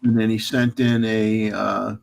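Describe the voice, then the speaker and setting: A man's voice: fairly low pitch, unhurried, creaky, a little hiss or hum. A man hosting a photography livestream, chatting casually and reading out viewer photo details. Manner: relaxed, chatty, reads out camera settings. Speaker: livestream host. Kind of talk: casual chat.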